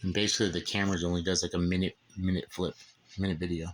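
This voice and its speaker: Casual monologue from a man with a fairly low voice, telling a story in a rambling, emphatic way. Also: flat delivery, racing. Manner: rambling and emphatic, repeating "okay?" and "dude". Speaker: father telling a personal story.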